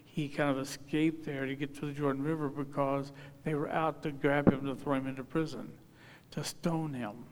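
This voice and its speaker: A man preaching a sermon, reading scripture aloud and rising to emphatic, forceful calls. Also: fairly high pitch, level tone, normal speed. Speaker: pastor. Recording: long hall reverb.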